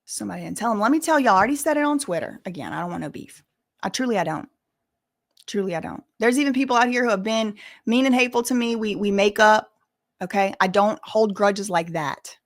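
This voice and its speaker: A young woman hosts a casual commentary channel, speaking straight to viewers with a quick pace and a mid-range voice. She's animated and emphatic, using "y'all" and casual slang.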